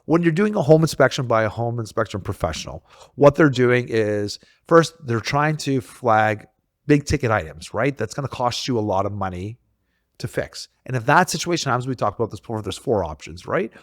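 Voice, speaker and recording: Realtor guy on a podcast, lively storyteller, dry close sound. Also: mid-range voice, fairly quick, no room sound. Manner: animated storytelling, acts out quoted exchanges. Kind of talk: casual podcast chat.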